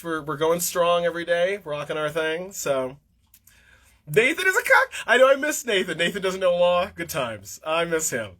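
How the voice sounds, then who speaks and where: A worn-out man hosts a casual livestream, rambling bluntly and swearing freely. His voice sits a touch high and rings bright and forceful. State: tired. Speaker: livestream host.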